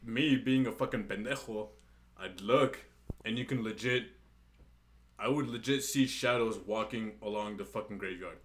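A man's voice: lowish voice, normal speed. A young man, a podcast co-host, telling a story in a casual, profane way.

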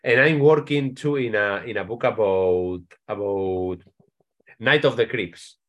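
A man with a Spanish accent talks in a somewhat low voice, stopping and restarting often as he reaches for English words. He speaks as a guest author in a relaxed interview. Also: highs cut off. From Spain. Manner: halting, many restarts and repeated words. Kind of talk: casual interview chat.

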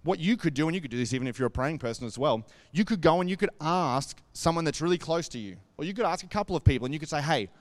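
A man's voice: a little high, expressive, fast, few pauses, no room sound. A man giving an earnest devotional talk, retelling a scripture story in a chatty way with many asides. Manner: earnest and conversational, with lots of "like" and asides.

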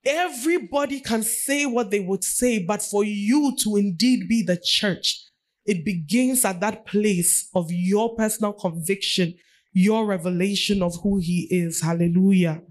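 A woman's voice: medium pitch, measured pace, darkish tone. Emphatic woman pastor preaching. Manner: emphatic, repeats phrases for effect. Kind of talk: sermon.

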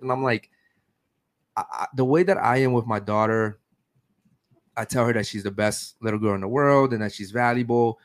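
A man's voice: on the low side, fairly even intonation, moderate pace. A man in his thirties hosting a casual podcast chat, talking emphatically and often checking in with "right?". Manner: emphatic, keeps asking "right?". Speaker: podcast host.

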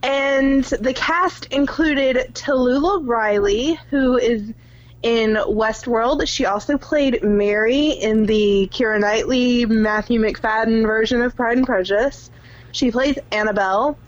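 A young woman with a fairly high voice chats and giggles her way through co-hosting a film podcast. The recording sounds a little dull and lo-fi. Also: takes it slowly. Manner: giggly, chatty, reads out film facts. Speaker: podcast co-host. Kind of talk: casual chat.

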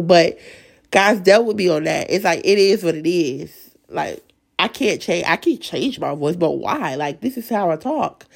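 Raspy-voiced woman sharing emotional testimony. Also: fairly low pitch, moderate pace, darkish tone. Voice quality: raspy voice from sinuses. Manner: emotional, earnest faith testimony with stutters and restarts. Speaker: Bible study leader. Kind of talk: casual devotional talk.

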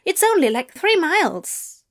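A woman's voice: very high-pitched, very animated, a little slow, voice pushed up, full character voice. A woman voicing an eager teenage boy with a teasing, sing-song manner.

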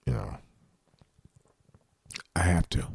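A man's voice: rumbling low, lively intonation, slow pace, vocal fry, darkish tone, husky, dry recording. A man in his fifties hosting a live late-night call-in show, talking earnestly and bluntly, repeating himself and swearing now and then. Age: 50s.

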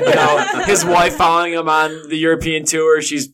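A young man co-hosting a podcast, chatting casually and profanely, acting out quotes in a loud storytelling way. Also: on the high side, steady tone, measured pace, noisy background. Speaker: podcast co-host. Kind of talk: casual chat.

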